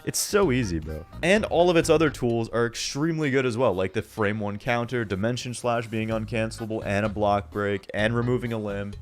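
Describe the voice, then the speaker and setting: A man's voice: on the low side, brisk, few pauses, soft background music. A young man with a stuffy, nasal voice from a cold, rambling casually in slang as he reviews a video game for his channel. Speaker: gaming YouTuber.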